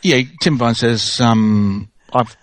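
A man on a chat panel telling a joke, halting with false starts. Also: medium pitch, no room sound. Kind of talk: casual chat.

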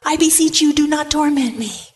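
A woman in a sermon voicing a tormented man possessed by demons, loudly begging not to be tormented. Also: high-pitched, moderate pace, voice pushed up, close to an everyday voice. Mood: desperate pleading. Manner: loud, imploring.

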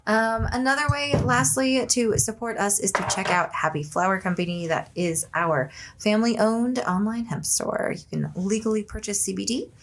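A woman's voice: medium pitch, normal speed, hardly any pauses, slight background noise. Woman podcast cohost, chill and chatty, cusses a lot, recorded at home. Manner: loose, chatty, swears freely. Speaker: podcast co-host. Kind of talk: casual chat with ad reads.

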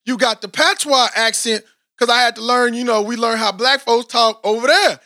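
A man's voice: extremely high pitch, moderate pace, no echo, studio quality. A man, chatting casually and animatedly in a rambling, slangy way as a podcast co-host. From Texas, USA. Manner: animated, rambling, slangy, frequent "you know what I'm saying". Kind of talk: casual chat.

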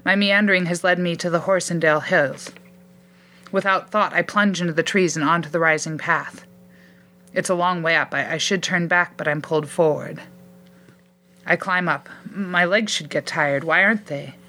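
A woman's voice: fairly low pitch, normal speed, pushed and bright. A woman reading a suspenseful first-person story aloud.

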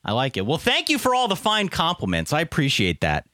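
A man's voice: fairly high pitch, huge pitch swings, fairly quick, bright, forceful tone, no room sound, clean studio sound. A young man co-hosting a sports podcast, reacting animatedly and sounding bashful in casual chat. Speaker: podcast co-host.

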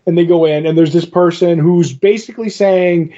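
A man's voice: on the high side, steady tone, normal speed, warm tone. A man casually retelling a comic book story in a podcast chat, rambling and acting out quoted lines. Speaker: podcast co-host. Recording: dull lo-fi recording.

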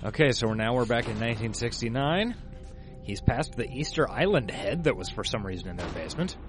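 Male co-host, dry wit, lively intonation. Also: medium pitch, brisk, over music. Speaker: podcast co-host. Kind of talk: casual chat over a film.

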